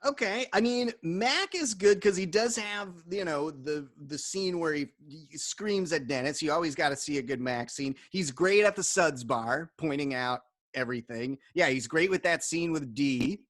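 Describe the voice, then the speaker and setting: A man's voice: fairly high pitch, moderate pace, few pauses, a bit bright, dry recording. A man co-hosting a casual podcast, recapping an episode, laughing often and swearing casually. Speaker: podcast co-host. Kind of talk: casual chat.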